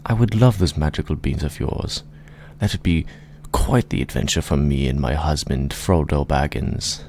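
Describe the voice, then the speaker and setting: A man's voice: a bass voice, moderate pace, darkish tone. A man doing a polite, folksy hobbit. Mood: eager.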